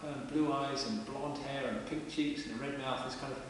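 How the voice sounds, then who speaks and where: A man's voice: medium pitch, steady tone, normal speed. A man preaching a sermon in a parish church, in a chatty, plain-spoken way. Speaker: vicar. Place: large stone parish church. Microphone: distant camera mic. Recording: echoey church from far off with hiss.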